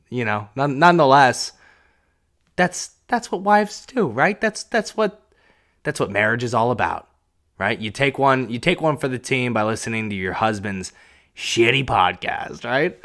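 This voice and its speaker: A man with a fairly low voice hosts his own podcast from his couch at home. He talks casually and rambles, full of fillers, false starts and self-deprecating asides, speaking into a podcast mic with a pop filter. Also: a bit bright. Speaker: podcast host. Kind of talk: solo casual podcast chat. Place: echoey home room, on a couch.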